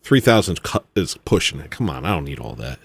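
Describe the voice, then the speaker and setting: A man, an independent musician, ranting heatedly, swinging from low grumbling to loud exclamations. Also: sing-song, brisk, vocal fry, husky. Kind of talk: ranting monologue.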